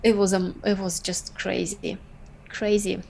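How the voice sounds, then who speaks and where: A woman's voice: mid-range voice, level tone, measured pace, vocal fry, darkish tone, a little hiss or hum. Earnest woman telling her story. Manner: earnest, emotional, dropping small words. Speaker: podcast guest. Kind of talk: personal storytelling.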